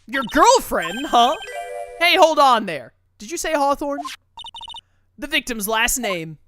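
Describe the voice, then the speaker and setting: Woman reading a calm young lawyer. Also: high-pitched, slow pace, soft background music, heavily acted.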